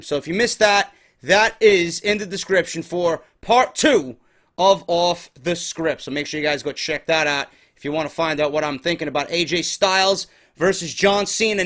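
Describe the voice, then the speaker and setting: He's a worn-out wrestling podcaster from New York whose high, slightly bright voice carries a profane rant. Exasperation runs through it, and he swears constantly.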